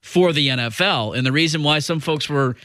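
A man's voice: on the high side, brisk, bright, forceful tone, no room sound, studio quality. A man with a nasal voice co-hosting a sports talk show, explaining points in casual chat. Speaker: sports radio co-host.

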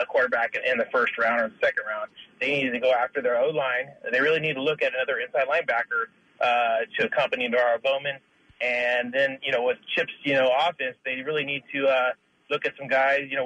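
Husky man rambling over a dull phone line. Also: medium pitch, bright, forceful tone, no echo. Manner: rambling, full of "you know" fillers. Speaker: caller. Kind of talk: call-in opinion.

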